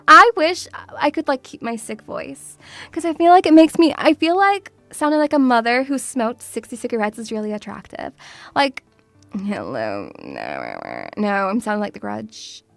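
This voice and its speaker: A woman's voice: on the high side, fairly quick, darkish tone, no echo, faint music behind. A woman streamer chatting casually and playfully with her viewers. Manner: playful, bubbly, teasing. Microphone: studio mic through audio mixer.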